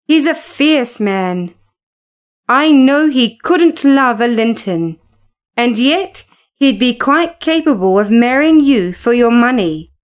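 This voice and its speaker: A woman reading a proud, sharp-tongued young woman. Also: on the high side, expressive, slow. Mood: scolding.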